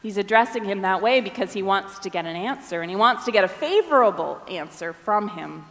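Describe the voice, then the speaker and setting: A woman's voice: mid-range voice, expressive, brisk, a bit bright, reverberant, big-room sound. A woman giving a conversational sermon, briefly acting out the voices of the people in the story. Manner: conversational, acts out quoted voices. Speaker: preacher.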